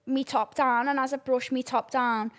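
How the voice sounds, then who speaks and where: A woman's voice: high-pitched, steady tone, normal speed, fairly bright tone. A young woman telling a chaotic story on her podcast, dramatic and sweary. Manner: breathless, dramatic oversharing, lots of swearing. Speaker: podcast host. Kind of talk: casual storytelling.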